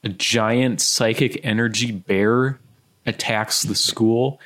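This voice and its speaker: A man hosting a casual movie podcast, jokey and quick to throw in silly bits. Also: fairly even intonation, fairly bright tone. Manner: jokey, breaks into high silly voices. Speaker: podcast host.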